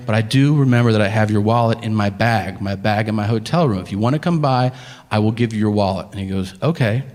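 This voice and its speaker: A man telling a stand-up story on stage, deadpan and exasperated as he acts out the dialogue. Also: medium pitch. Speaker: stand-up comedian. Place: comedy theater stage. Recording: live theater hall with faint ambience. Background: audience laughter.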